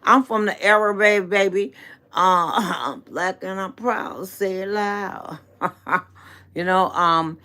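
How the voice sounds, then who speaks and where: Slow, bright-voiced middle-aged woman host. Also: mid-range voice. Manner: affectionate, calls viewers baby; chatty and rambling, with faith-based encouragement. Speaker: channel host. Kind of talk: casual live-stream chat answering viewers.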